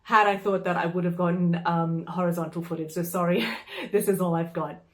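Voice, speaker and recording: A woman's voice: on the low side, steady tone, brisk. A woman vlogger telling a casual story, chatty and exasperated, with lots of fillers and the odd swear.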